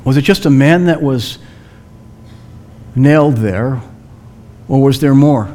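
A man preaching a sermon, telling a story slowly and dramatically with long pauses. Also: mid-range voice, mellow.

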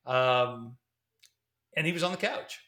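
A man's voice: medium pitch, takes it slowly, bright, forceful tone. A middle-aged man, a former pastor, telling a story casually, rambling with fillers and restarts. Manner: rambling, fillers and restarts, laughs between sentences. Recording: roomy echo.

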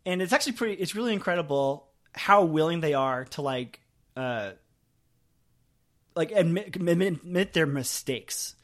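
Rambling, animated male podcast co-host. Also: fairly high pitch, moderate pace. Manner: rambling, animated, laughs often, trails off softly. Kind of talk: casual chat.

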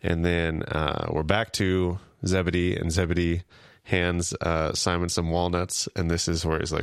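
A man's voice: low-pitched, fairly even intonation, clean tone, no echo, clean studio sound. A man co-hosting a podcast, casually retelling episode scenes and acting out characters' lines. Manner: retells scenes, acts out lines with quick quips. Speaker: podcast co-host. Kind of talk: casual podcast recap chat.

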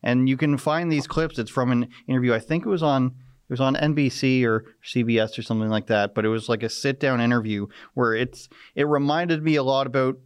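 A man's voice: medium pitch, a little fast, clean tone, no echo, studio quality. A man hosting a casual podcast chat, rambling and jokey with many restarts. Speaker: podcast host.

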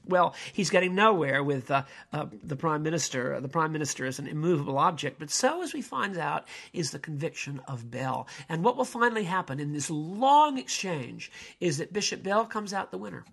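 A priest lectures on a play, stopping often to restart his sentences. His voice is gravelly and husky and sits a little high for a man. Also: sing-song, a bit bright. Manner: halting, with many fillers and restarts, digressive.

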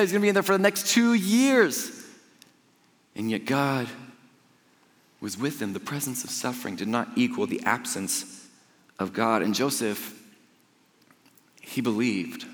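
Young preacher in a reverberant hall. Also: male voice, medium pitch. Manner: conversational storytelling with dramatic swings between quiet and loud. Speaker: pastor. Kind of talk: sermon. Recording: long reverb of a large hall.

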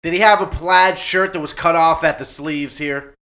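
A man in a casual chat, teasing his friend with quick questions. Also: a little high, fairly even intonation. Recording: loud background noise.

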